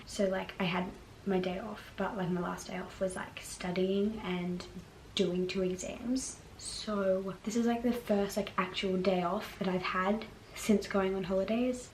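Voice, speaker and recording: A woman's voice: mid-range voice, fairly even intonation, a little slow, a little mellow. Young woman vlogger, casual and chatty, handheld camera, noisy background. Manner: chatty, says "like" a lot. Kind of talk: casual vlog chat. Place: bedroom at home, then a furniture store. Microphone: camera on a tripod, then handheld.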